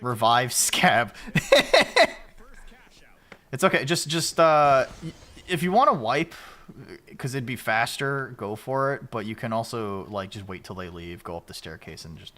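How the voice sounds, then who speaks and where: A man's voice: medium pitch, a little slow. A male streamer chatting casually and joking while playing a game with a friend. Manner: joking, excitable, swears. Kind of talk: casual gaming chat.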